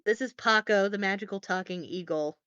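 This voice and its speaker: A woman's voice: medium pitch, fairly quick, a bit bright, smooth, no echo, lo-fi sound. A woman co-hosting a podcast, recapping a film in a casual, rambling way full of fillers and dry asides. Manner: rambling, filler-heavy, wry. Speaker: podcast co-host.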